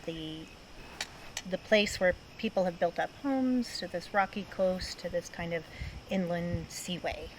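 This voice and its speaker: Unhurried woman from Maine telling a story. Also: lowish voice. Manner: unhurried, searching for words. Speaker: guest sharing a story. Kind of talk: personal storytelling. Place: outdoors beside a road. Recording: outdoor traffic noise.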